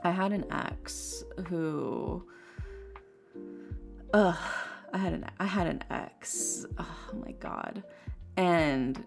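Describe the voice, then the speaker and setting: A woman's voice: fairly low pitch, drawn-out words, creaky, long pauses. A young woman streamer chatting casually, talking frankly and swearing as she vents about a painful personal story. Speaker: tarot streamer. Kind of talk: casual chat. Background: faint lofi music.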